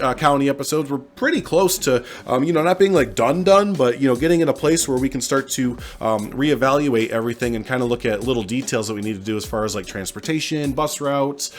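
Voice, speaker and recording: A man with a cold, hosting a gaming channel, rambling casually with lots of ums and uhs. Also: medium pitch. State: stuffed up from a cold. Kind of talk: casual gameplay commentary. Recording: faint music behind the voice.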